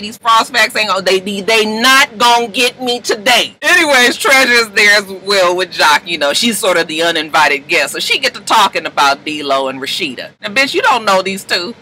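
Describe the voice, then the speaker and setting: A young woman tells the story of a reality episode in a loose, sassy way, full of swearing. Her high, bright voice swoops up and down a lot as she quotes people. There is faint noise behind her. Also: low-quality recording. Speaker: reality TV recap vlogger. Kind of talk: casual recap commentary.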